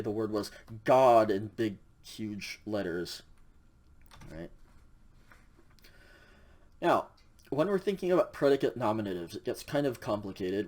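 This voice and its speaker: A man teaching a recorded university lecture in a casual way, with frequent ums and okays, who slows down to stress examples. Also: mid-range voice. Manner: casual, many fillers like um and okay; spells out examples slowly and stresses key words. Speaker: university Greek instructor.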